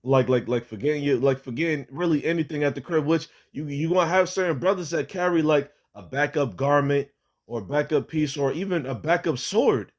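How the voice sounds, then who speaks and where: A man's voice: fairly high pitch, brisk. A young man giving a casual spoken religious testimony, rambling with many fillers, restarts and casual swearing.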